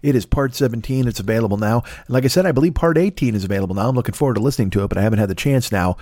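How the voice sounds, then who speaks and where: A man's voice: mid-range voice, racing, darkish tone, dry recording. A middle-aged man in his fifties talks alone into the mic, rambling from one gripe to the next. He swears freely and mocks himself as he goes, and the sound is dry and close. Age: 50s. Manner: profane, self-deprecating, rambling. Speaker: podcast host. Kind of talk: rambling solo podcast monologue.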